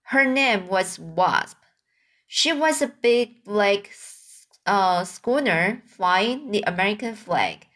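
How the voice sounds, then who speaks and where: Slow, careful woman reading a storybook. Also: mid-range voice, expressive, a bit bright. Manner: slow, with small slips and restarts. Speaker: reader. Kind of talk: reading a children's novel aloud.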